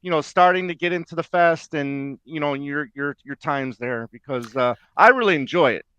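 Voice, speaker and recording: Podcast host guy, bright smooth voice, friendly chatty, keeps saying right and yeah. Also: a little high, normal speed, dry recording, dull audio. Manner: friendly with frequent short affirmations. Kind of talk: casual chat.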